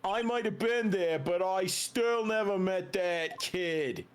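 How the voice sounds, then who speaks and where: A man voicing a pushy, gruff male witness with a thick, exaggerated New Jersey accent, reading game dialogue aloud over game music. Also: high voice, slow, a little hiss or hum, voice pushed up. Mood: defiant. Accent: thick put-on New Jersey. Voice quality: gruff, aggressive, tough-guy drawl.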